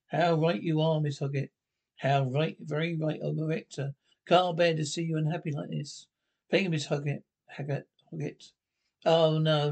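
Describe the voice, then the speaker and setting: A man with a gravelly voice speaking fussy, flustered dialogue in a 1970s period film comedy. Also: on the high side, darkish tone.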